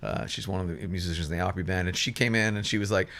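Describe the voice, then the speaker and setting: Male musician guest, low-pitched, rambling storyteller who restarts a lot and acts out quotes. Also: racing, gravelly, a bit bright. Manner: rambling, with many restarts and fillers; acts out other people's lines in shifted voices. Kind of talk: casual storytelling.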